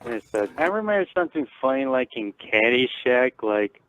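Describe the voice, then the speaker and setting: A man's voice: mid-range voice, big pitch swings, normal speed, a bit bright, slight background noise. A man calling in to a live show, rambling and hesitant, with many fillers. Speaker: caller. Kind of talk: casual call-in chat. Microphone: phone call. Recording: tinny dry phone line.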